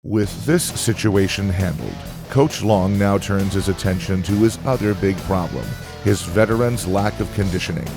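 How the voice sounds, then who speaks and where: A man narrating a mock sports documentary in a dry, deadpan way. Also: deep voice, normal speed, gravelly, hardly any pauses. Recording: music bed under voice.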